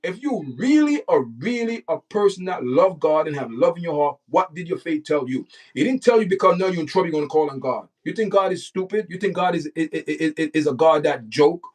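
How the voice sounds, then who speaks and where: A man's voice: fairly high pitch, animated, a little fast, hardly any pauses, recorded from a distance. A man hosting a livestream, giving indignant, preachy commentary and repeating himself for emphasis. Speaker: livestream host.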